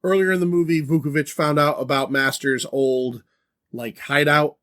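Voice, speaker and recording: A man co-hosting a podcast, discussing a movie in an excitable, casual way and swearing freely. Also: on the high side, normal speed. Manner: excitable, swears when reacting. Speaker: podcast co-host.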